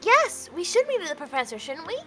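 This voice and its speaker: A woman's voice: extremely high pitch, sing-song, a little fast, music in the background. A woman playing a tabletop game, casual and playful, swearing freely. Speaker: player.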